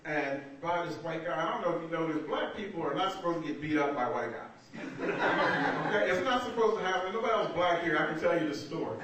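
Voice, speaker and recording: High-voiced stand-up comic in an echoey theater. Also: male voice, a little fast. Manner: conversational, laughing through punchlines. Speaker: stand-up comedian. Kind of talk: stand-up comedy set. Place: small theater stage with audience. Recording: roomy echoey far-off amateur recording with loud noise.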